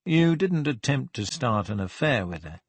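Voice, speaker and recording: A man voicing a calm middle-aged police inspector who questions a suspect in a level, firm way. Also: mid-range voice, moderate pace, husky, no room sound.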